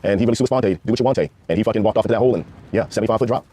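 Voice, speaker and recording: Rattling off war stories with profanity and a relaxed air, this male guest is a former Army Ranger in a casual interview. He has a fairly low-pitched voice with a dark tone.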